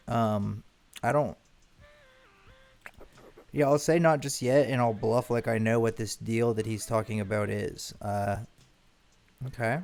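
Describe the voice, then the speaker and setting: A man's voice: fairly low pitch, fairly even intonation, unhurried, vocal fry, long pauses, darkish tone. A man streaming a video game, chatting casually, rambling, correcting himself and swearing now and then. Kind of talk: casual gameplay commentary.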